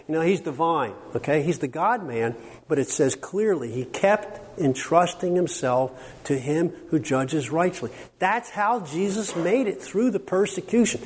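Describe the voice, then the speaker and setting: Animated man teaching in a reverberant hall. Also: a little high, measured pace, slightly rough. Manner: animated and joking, quizzing the audience. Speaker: workshop speaker on biblical counseling. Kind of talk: teaching a workshop to a live audience. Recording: long hall reverb, faint background noise.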